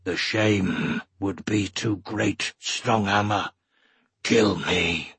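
A man voicing a huge, proud, stubborn horned warrior in a storybook reading, speaking in a low rumbling mutter. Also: drawn-out words, gravelly, a bit bright, husky, dry recording, full character voice. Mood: grim.

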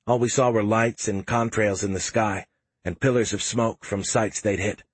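A man narrating a first-person audiobook in a steady, wry, matter-of-fact way. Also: on the low side, normal speed, husky.

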